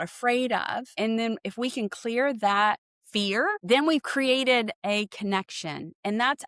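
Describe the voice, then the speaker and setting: A woman's voice: on the high side, dry recording, studio quality. A middle-aged woman, a dental consultant, talking earnestly in a podcast interview and acting out her exchanges with patients. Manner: warm, earnest storyteller who acts out patient exchanges.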